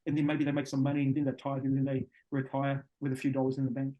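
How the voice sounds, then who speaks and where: A middle-aged man from New Zealand with a New Zealand accent, a podcast guest and business coach talking in a blunt, profane, animated way. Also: mid-range voice, fast talker, dull audio. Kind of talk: podcast interview.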